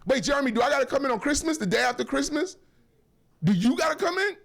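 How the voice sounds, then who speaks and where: A man hosting a casual talk radio show, rambling and joking with lots of shout-outs and self-corrections, on a studio microphone. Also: very high-pitched, animated, fast, creaky.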